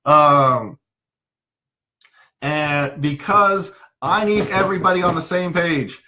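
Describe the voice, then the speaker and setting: Bright-voiced man telling a therapy story. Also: fairly high pitch, takes it slowly, lo-fi sound, a little hiss or hum. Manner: anecdotal, acts out quoted voices, many fillers. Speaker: psychologist. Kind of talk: casual storytelling talk.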